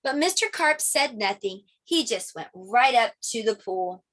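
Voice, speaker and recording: A middle-aged woman teacher reading a picture book aloud to little ones. She reads at a slow, careful pace. Her fairly high voice swoops up and down as she tells the story in an animated way. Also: slight background noise. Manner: animated storytelling with sound effects. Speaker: preschool teacher.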